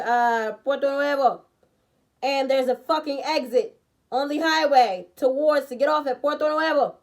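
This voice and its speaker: Young woman, slightly high voice, profane and dramatic, loud outbursts against low asides. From Baltimore, USA. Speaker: vlogger. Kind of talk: emotional storytime.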